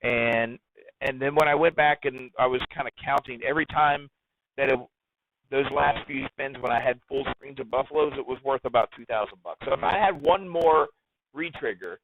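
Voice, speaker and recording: Animated male storyteller on a muffled line. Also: medium pitch, moderate pace, no room sound. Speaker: guest. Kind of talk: casual storytelling.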